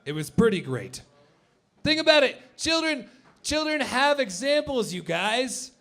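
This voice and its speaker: A man performs stand-up in a mock-serious, deadpan preaching manner. His voice is high for a man, heard through a handheld mic on a comedy club stage. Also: measured pace.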